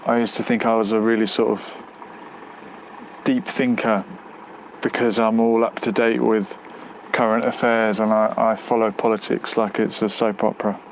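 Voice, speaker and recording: A man's voice: on the low side, little pitch movement, moderate pace, slight background noise, poor audio. A man hosting a casual live stream outdoors near a road, reading out viewer comments and musing aloud with lots of fillers. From United Kingdom.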